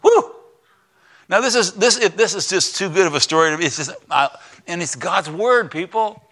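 A male pastor preaching a sermon, retelling a story in lively plain words, swinging from loud exclamations to hushed emphasis. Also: high voice, fairly quick.

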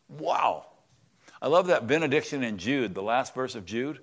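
A man preaching a conversational sermon in a church, swinging between loud, stressed words and quiet asides. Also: mid-range voice, expressive, moderate pace. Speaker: pastor.

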